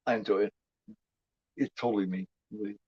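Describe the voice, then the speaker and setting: A man's voice: fairly low pitch, fairly even intonation, a little fast, slightly rough. Profane, rambling man on a muffled mic. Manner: rambling, profane, laid-back. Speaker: movie commentary host. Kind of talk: casual watch-along commentary. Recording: dull lo-fi, dry.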